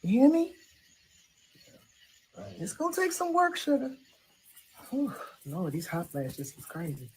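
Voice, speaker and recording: A woman's voice: a little high, wildly swooping pitch, a little slow, long pauses, darkish tone, breathy edge, exaggerated voice, low-quality recording. A blunt, preachy middle-aged woman hands out sassy advice in a comedy sketch, as a woman plays her. She talks about faith and forgiveness with plenty of laughing asides. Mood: heartfelt advice.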